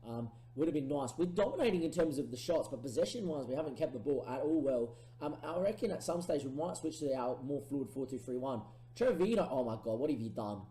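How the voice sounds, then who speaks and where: A man talks through a football management game, musing out loud about his tactics. His voice sits fairly high but sounds mellow. The room around him is noticeably echoey. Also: brisk, hardly any pauses. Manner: thinks aloud, erupts into excited goal calls. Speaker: gaming streamer. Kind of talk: casual gameplay commentary.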